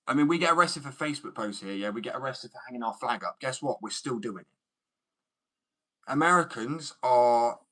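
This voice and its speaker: Brash, bright-voiced man ranting at viewers. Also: mid-range voice, slightly rough, low-quality recording. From Germany. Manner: combative, mocking, blunt. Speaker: skateboard artist streaming. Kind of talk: ranting reply to viewer comments.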